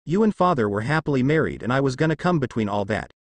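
A cocky, awkward teenage boy hero, as a male narrator reads him out, with a lively, bouncing pitch. His delivery is casual, wry and teasing, with a dry, close sound. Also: fast talker, no echo, natural voice.

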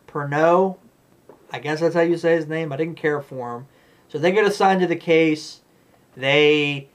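A man giving a rambling, blunt, profane movie review rant. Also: a little high.

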